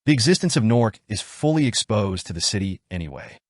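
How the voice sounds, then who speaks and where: A man narrating a story recap in the first person, with a brisk, wry storytelling manner. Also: fairly low pitch, big pitch swings, dry recording, studio quality.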